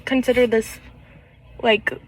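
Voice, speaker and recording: Young female co-host, high pitch, animated storyteller who voices the people she quotes. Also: takes it slowly, rough recording. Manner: storytelling with laughter, acts out quotes. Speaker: podcast co-host. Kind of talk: casual chat.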